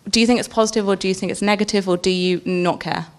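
A woman's voice: medium pitch, fairly even intonation, fast. A woman hosting a live podcast panel, chatty and laughing between her questions. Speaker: podcast host.

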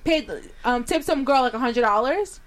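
A woman's voice: sits high, expressive, moderate pace. A woman chatting casually as a podcast guest, telling stories and defending herself. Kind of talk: casual chat.

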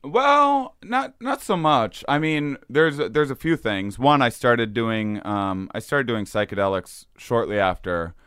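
Smooth-voiced man with a Wisconsin accent. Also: mid-range voice, very animated, a little slow, hardly any pauses, fairly bright tone, no room sound, studio quality. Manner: reflective, self-deprecating, laughs often. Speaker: podcast guest. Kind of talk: casual conversation.

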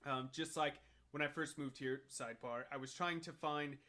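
An American man in his young adult years chats on a podcast with a bright, forward tone. He tells stories animatedly, often breaking into laughter. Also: a little high, fairly even intonation, normal speed. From United States. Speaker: podcast co-host. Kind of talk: casual chat.

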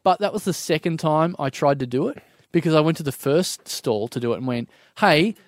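A man's voice: on the high side, brisk, darkish tone, dry recording. Chatty Australian man, dry close sound. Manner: storytelling, mimics voices, laughs often. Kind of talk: casual chat.

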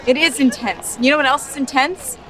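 A woman's voice: high voice, brisk, a bit bright, faint music behind, a faint crowd, rough recording. An actress playing a determined mother who firmly pressures a teenage boy. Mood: stern. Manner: firm and pointed.

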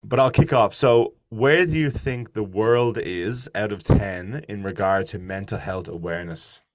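A friendly man hosts a podcast, chatting and asking questions with an easy laugh. His voice is low, and the recording is dry and close, with no room sound. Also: measured pace, no room sound. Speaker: podcast host. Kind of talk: casual interview hosting.

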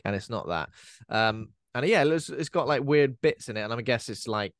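A man's voice: mid-range voice, lively intonation, moderate pace, no room sound. A young man co-hosting a podcast, casually recapping a horror film's plot with loose asides. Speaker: podcast co-host. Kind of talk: casual film chat.

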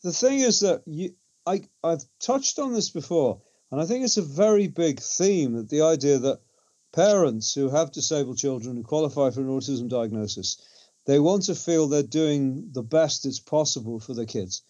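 A man's voice: fairly high pitch, lively intonation, moderate pace, mellow, muffled recording. A man in casual conversation, talking in a wry, mocking way.

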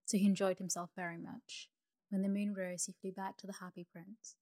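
Calm woman reading a sleep story. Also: mid-range voice, fairly quick, no echo. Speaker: narrator.

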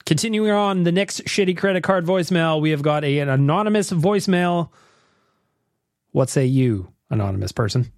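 Animated, jokey podcast host man. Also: fairly high pitch, normal speed, no room sound, studio quality. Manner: animated, jokey, swings from loud cheers to mock-serious. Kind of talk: casual podcast chat reacting to voicemails.

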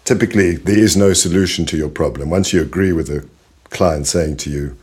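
A man's voice: deep voice, brisk, darkish tone. A man interviewing a guest, thoughtful and appreciative as he reflects on the guest's points. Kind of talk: conversational podcast interview.

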